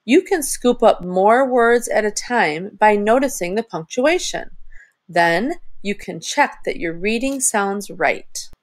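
A woman's voice: mid-range voice, animated, takes it slowly. A woman teaching young readers, thinking aloud as she models reading a story in phrases. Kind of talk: reading lesson for children.

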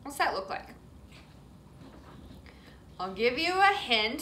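A bright, rather high-voiced woman leads a kids' yoga class with a lively, sing-song lilt. She speaks slowly, coaxing the children and making playful animal sounds. Her voice is roomy and comes from some way off the mic. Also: recorded from a distance, a little hiss or hum.

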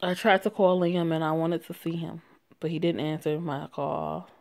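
A woman's voice: low voice, level tone, moderate pace, gravelly, darkish tone. A young woman casually reading a written story aloud, stumbling and correcting herself, swearing and laughing as she goes. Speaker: story reader.

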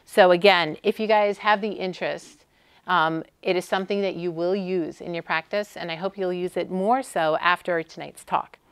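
A woman's voice: fairly low pitch, fairly even intonation, moderate pace, clean tone, no echo. A middle-aged American woman, a sports medicine doctor, giving a friendly, conversational conference talk with frequent "um"s. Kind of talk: conference lecture.

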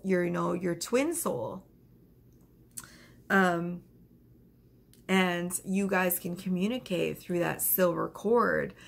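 A woman giving a casual tarot reading, chatty and animated, with lots of fillers. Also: lowish voice, vocal fry. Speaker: tarot reader.

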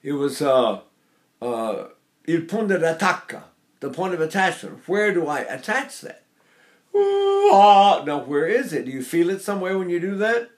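An older male singing teacher talks through his lesson in an animated, rambling way. His speaking voice sits a bit high and swings widely in pitch. He keeps breaking off to demonstrate sounds. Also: moderate pace. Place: Seattle area.

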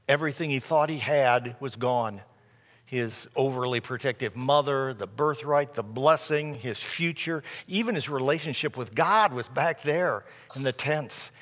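Man preaching in a reverberant sanctuary. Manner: dramatic storyteller, drops soft and low at tense moments. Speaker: pastor. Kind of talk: sermon, storytelling. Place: church sanctuary. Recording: long reverb of a large hall.

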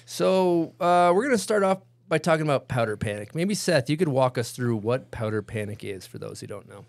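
A man's voice: mid-range voice, animated, brisk, creaky, no room sound. An upbeat man hosts a loose podcast show and keeps the banter moving with his guests. His voice sits in a middling register and sounds close and dry on a studio mic. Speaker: podcast host. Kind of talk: casual chat.

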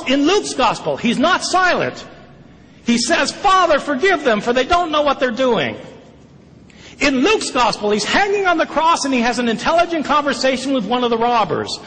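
A man's voice: very high voice, fairly bright tone. An emphatic male lecturer in a reverberant hall. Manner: emphatic, questioning, fast bursts. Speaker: lecturer on the New Testament. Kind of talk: public lecture.

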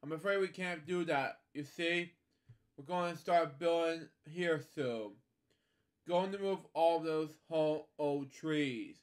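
A man's voice: on the high side, slow. Mickey Mouse, read by a man, friendly. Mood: polite. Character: polite cheerful cartoon mouse, male.

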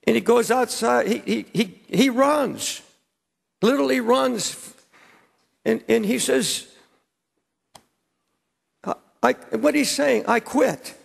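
A man's voice: very high-pitched, slow, gravelly, pauses often, breathy edge. An older man, a pastor, preaching an impassioned sermon in a large church, repeating words as he presses his points. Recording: church hall with long reverb.

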